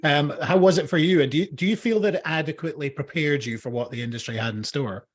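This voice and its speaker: A man's voice: on the high side, quick pace. A Scottish man in his forties interviewing an old classmate, asking friendly questions and dropping short agreements. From Scotland. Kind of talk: casual interview chat.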